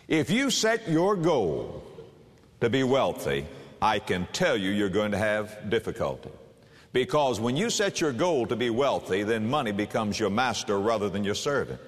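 Animated preacher man in a reverberant hall. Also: medium pitch. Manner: animated, emphatic preaching with varied pace. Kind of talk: sermon.

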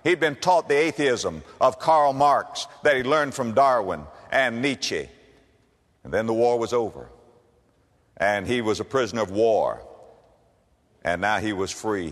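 A male pastor preaching a sermon in a church, telling a story with swings from hushed prayer to shouted climaxes. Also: fairly low pitch. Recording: long hall reverb.

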